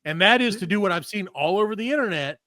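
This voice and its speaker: A man's voice: high-pitched, fast, no echo, clean studio sound. A man, a comedy podcast host, telling a story in casual chat and acting out the other people in it. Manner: animated, acts out the other people in his story.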